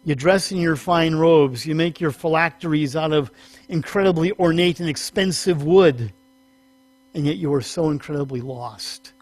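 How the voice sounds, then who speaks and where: A male pastor gives a conversational teaching sermon at a moderate pace, fixing his own wording as he goes. He lifts his pitch to emphasize points, and the recording is dry.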